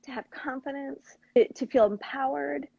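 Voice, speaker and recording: A woman's voice: high voice, moderate pace, gravelly, warm tone, dry recording, dull audio. A woman host explaining techniques in an earnest, coaching tone. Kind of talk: conversational teaching.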